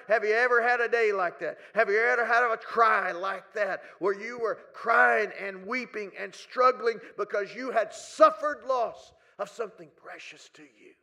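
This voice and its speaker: A man preaching a sermon to a congregation in a church hall, dropping to hushed near-whispers and rising to loud, pleading cries, often stretching his words slowly. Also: high-pitched. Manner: slow, drawn-out phrasing.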